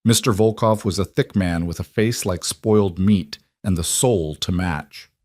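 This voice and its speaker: Man, low voice, steady story narration, dry close sound. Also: unhurried, no room sound.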